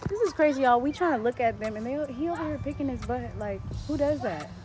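Chatty high-voiced woman vlogging outdoors. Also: brisk. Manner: chatty, animated, excitable. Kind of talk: casual vlog chat. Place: outdoor wildlife park. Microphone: handheld camera. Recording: music playing behind.

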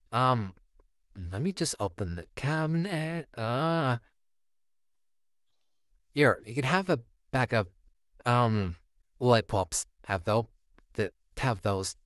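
A performer voicing a flustered, sarcastic male puppet neighbor stuck babysitting a child, in a home-made fan audio drama with a close, dry home mic. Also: no room sound. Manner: sarcastic, easily flustered, wildly swinging pitch.

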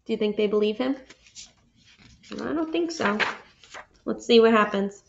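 A woman reading a children's picture book aloud with expressive delivery, pausing to ask her young listeners questions. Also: vocal fry, background noise. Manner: expressive, asks listeners questions, raises pitch for characters' lines. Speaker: storybook reader. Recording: dull lo-fi audio.

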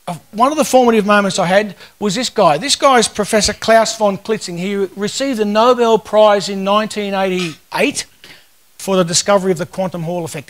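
A man in his fifties with an Australian accent, giving a casual, joking conference talk full of stories. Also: sits high. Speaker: conference speaker.

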